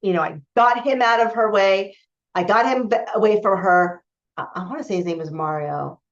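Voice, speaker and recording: In a dull lo-fi recording, a spiritual coach with a mid-range voice talks at a normal speed. Her personal story, told to camera, is candid and emphatic, peppered with fillers and false starts.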